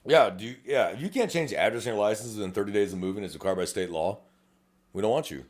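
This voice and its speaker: Middle-aged South Texas cop, low voice, rapid and blunt, cursing freely as he co-hosts a chat. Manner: blunt, profane, rapid-fire, acts out quoted exchanges. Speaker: podcast co-host, police officer. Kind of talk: casual chat.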